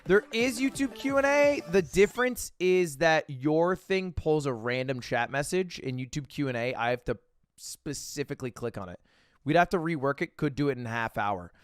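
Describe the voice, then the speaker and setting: A young man hosting a livestream, chatting casually with viewers, animated, jokey and swearing freely. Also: mid-range voice, moderate pace, clean tone, no echo, soft background music. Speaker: livestream host.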